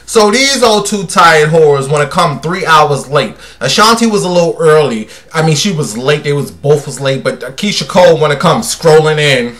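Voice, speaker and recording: Brash gossipy guy doing a livestream, kinda high voice, lots of sass. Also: expressive, moderate pace, few pauses, fairly bright tone. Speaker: livestream host.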